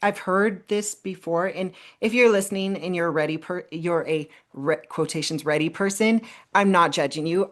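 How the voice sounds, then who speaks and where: A woman co-hosting a podcast, talking casually in an emphatic, motivational way. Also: sits low. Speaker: podcast co-host. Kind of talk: casual chat.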